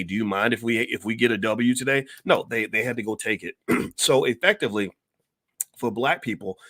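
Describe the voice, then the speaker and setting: A middle-aged man holds forth to his online audience from his home, with the cadence of a preacher who hammers and repeats his points. He clears his throat now and then. The sound is close and dry, with no room around it. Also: on the low side, a bit bright, dry recording. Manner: preacher-like, emphatic, repeats key phrases for effect. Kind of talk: impassioned livestream commentary.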